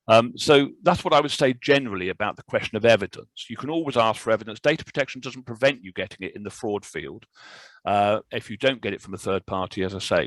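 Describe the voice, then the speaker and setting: A man presenting a legal webinar as a barrister, speaking in a measured, explanatory way with frequent fillers, over a video call. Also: fairly low pitch, a bit bright, no room sound, low-quality recording. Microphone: video call microphone.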